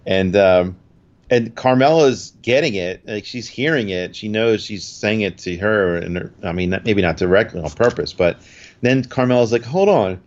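Rambling lower-voiced man on a dull line. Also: normal speed. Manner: rambling, many fillers, acts out quotes. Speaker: podcast co-host recapping a TV episode. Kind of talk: casual chat.

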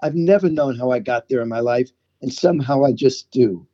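A man's voice: medium pitch, a little fast, mellow, muffled recording. A middle-aged to older man with a New York accent, telling stories from his life in a chatty interview, often repeating words as he starts a thought. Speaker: songwriter guest. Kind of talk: interview conversation.

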